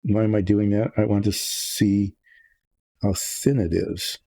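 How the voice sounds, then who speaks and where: An older man with a low, gravelly voice narrates his model painting in a relaxed, rambling way. He thinks aloud, wanders off into musings, and restarts his sentences. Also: a little slow. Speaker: miniature painter.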